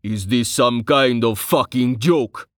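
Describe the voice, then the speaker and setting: A man's voice: fairly low pitch, a little slow, no room sound, clean studio sound, lightly acted. Man voicing Hagar, a stern demanding adventurer.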